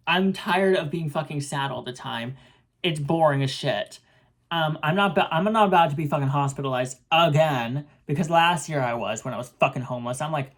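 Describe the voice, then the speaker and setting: A woman's voice: deep voice, moderate pace. A young woman telling a casual storytime with lots of swearing, acting out what people said. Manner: animated, swearing, acts out quoted voices.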